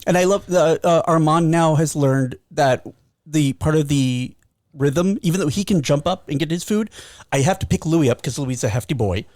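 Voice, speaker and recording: A man's voice: a little high, normal speed, darkish tone, no echo, clean studio sound. A man co-hosting a podcast, telling a story in casual chat and acting out his cats' voices. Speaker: podcast co-host.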